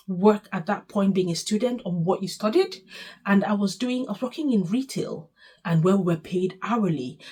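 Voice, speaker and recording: A woman in her forties with a Nigerian accent, recounting her own story to camera. Her voice is husky and a little breathy. She talks in a candid, straight-talking way with open emotion, at a medium pitch for a woman. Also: darkish tone. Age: 40s. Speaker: vlogger.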